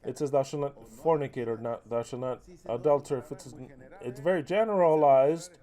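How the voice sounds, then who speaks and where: Fiery, mellow-voiced male preacher. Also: mid-range voice, moderate pace. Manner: heated, mocking, with rhetorical questions and cursing. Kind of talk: impassioned sermon.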